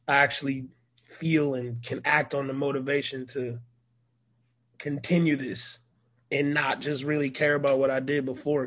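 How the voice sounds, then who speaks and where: A young man with a husky, slightly high voice chats as an interview guest. He is laid-back and slangy, and he leans on fillers between thoughts. His talk stays loose and unhurried. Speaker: musician and actor guest.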